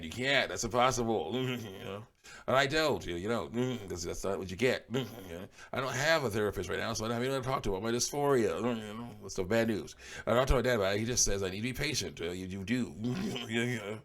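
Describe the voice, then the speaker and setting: A man's voice: on the low side, fairly bright tone. A man reading comments aloud and answering them in blunt, dismissive retorts, chuckling often between remarks. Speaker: online commentator.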